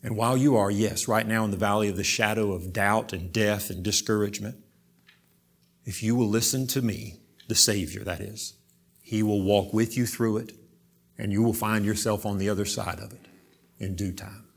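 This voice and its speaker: A man preaching a sermon, swinging between soft, intimate asides and loud, emphatic reading. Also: on the low side, steady tone, moderate pace, vocal fry, husky.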